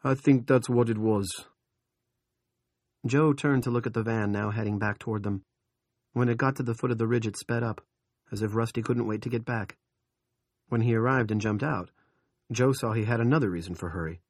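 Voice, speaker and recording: A man reading an audiobook in measured, steady scripted narration. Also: lowish voice, no echo, studio quality.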